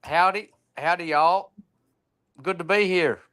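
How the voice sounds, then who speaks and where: A man's voice: high voice, a little slow, bright, forceful tone, smooth. A man joining a casual livestream chat as a guest, joking playfully. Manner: jokey, playful drawl.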